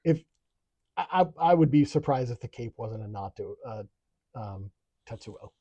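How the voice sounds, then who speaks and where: A man from Appalachia co-hosting a podcast, chatting quickly and stumbling into restarts. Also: mid-range voice, lively intonation, mellow, husky, dry recording. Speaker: podcast co-host. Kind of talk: casual chat. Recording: dry, dull lo-fi mic.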